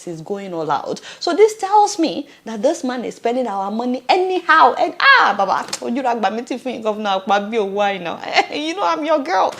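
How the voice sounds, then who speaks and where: A woman with a Nigerian accent talks through the news in a casual, teasing way, laughing often as she goes. Her voice sits a little high and stays animated. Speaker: commentary host. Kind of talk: casual political commentary.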